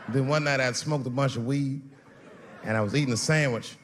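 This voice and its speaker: A male stand-up comedian telling animated stories, sometimes raising his voice. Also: medium pitch, brisk. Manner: animated storytelling with bursts of shouting. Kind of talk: stand-up routine. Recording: noisy live stage recording.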